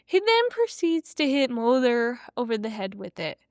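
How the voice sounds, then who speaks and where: A woman's voice: on the high side, very animated, moderate pace, dry recording, studio quality. A young woman hosting a podcast, casually retelling an episode with slangy, opinionated asides. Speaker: podcast host.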